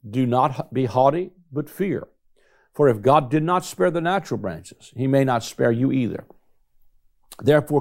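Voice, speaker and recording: A man delivers a Bible teaching sermon in a gravelly, mid-range voice. He slows down and stretches out the words he wants to stress, giving the teaching an emphatic, deliberate rhythm. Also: mid-range voice, a little mellow. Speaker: preacher.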